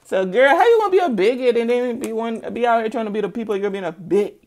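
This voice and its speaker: Brief: a sassy tarot reader, lively and chatty, laughing through her reading. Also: fairly high pitch, quick pace, hardly any pauses. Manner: sassy, animated, laughs often. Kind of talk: casual spoken tarot reading.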